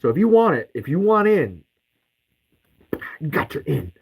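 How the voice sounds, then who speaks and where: Furiously ranting high-voiced man. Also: very animated, normal speed, creaky, darkish tone, slightly rough, low-quality recording. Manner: profane, heated, repeats curses. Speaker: podcast host. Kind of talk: angry ranting podcast monologue.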